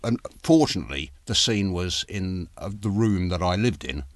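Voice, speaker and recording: A man's voice: sits low, animated, normal speed, dry recording. A man, an actor co-hosting a podcast, chatting casually and repeating words as he searches for them. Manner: stammers, repeats words often. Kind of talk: casual chat.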